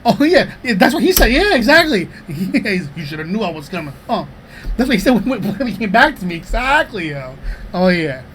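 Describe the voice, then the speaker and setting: A man in his thirties co-hosting a comedy podcast, telling rambling, profane anecdotes in a casual, animated way. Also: very high voice, normal speed, a little hiss or hum. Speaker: podcast co-host.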